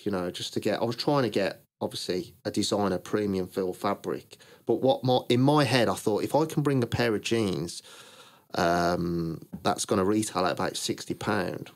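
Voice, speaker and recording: A British man, a brand founder, casually tells his story in an interview, acting out old conversations and laughing at his own punchlines. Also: sits low. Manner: lively, acts out both sides of past conversations. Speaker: clothing brand founder, podcast guest.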